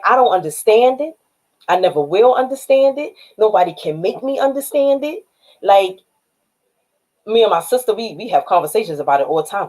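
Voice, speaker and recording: A woman's voice: mid-range voice, low-quality recording. A woman with a New York accent, hosting a casual livestream and talking straight and streetwise to her viewers. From Harlem, New York. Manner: shouts out viewers by name, streetwise and direct. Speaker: livestream host and author.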